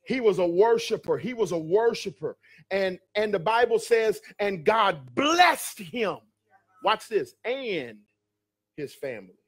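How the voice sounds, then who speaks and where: High-voiced preaching man. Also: expressive, moderate pace, slightly rough. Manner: preaching with call-and-response, building to shouts. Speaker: pastor. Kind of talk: sermon. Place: church sanctuary.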